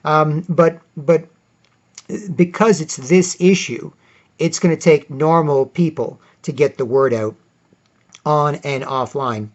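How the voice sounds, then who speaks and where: Man, fairly high voice, rambling sarcastic vlog commentary, lots of restarts, dull lo-fi audio. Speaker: vlogger. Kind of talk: opinionated commentary reading articles.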